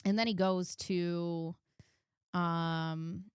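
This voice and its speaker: A woman's voice: lowish voice, little pitch movement, clear, resonant tone, dry recording, clean studio sound. A woman hosting a reaction video, musing aloud with lots of fillers. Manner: slow, musing, filler-heavy. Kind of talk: casual video reaction chat.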